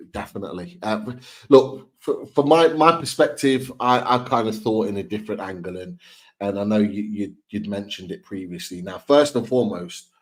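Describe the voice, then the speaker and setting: A man speaks in a lowish voice on a live football fan stream. He sounds earnest and thinks aloud, doubling back on words as he makes his case. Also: low-quality recording. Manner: earnest, repeats words and restarts. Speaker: football podcast co-host.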